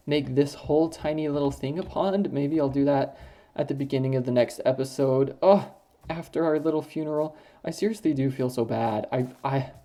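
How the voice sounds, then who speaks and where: A young woman giving casual, rambling commentary while she plays a building game, often breaking into sudden high-pitched exclamations. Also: dark tone. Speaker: gaming video host.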